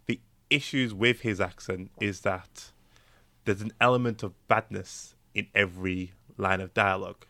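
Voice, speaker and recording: Young male co-host, low voice, rambling casual talk, dry close sound. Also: fairly even intonation, moderate pace, sharp tone, no echo. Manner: rambling, many fillers and restarts. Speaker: podcast co-host. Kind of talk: casual chat.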